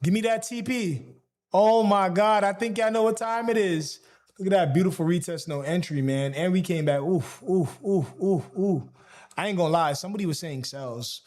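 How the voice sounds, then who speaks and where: A man commentating his own trades on a live stream. He is excitable and slangy, and he talks straight to his chat. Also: high voice, brisk.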